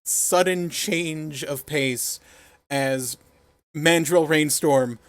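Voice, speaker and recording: A man's voice: fairly high pitch, drawn-out words, no echo. Laughing, swearing man with a dry close mic. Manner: rambling and profane, laughs often, heavy use of "like". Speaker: podcast co-host reviewing wrestling. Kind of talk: casual chat.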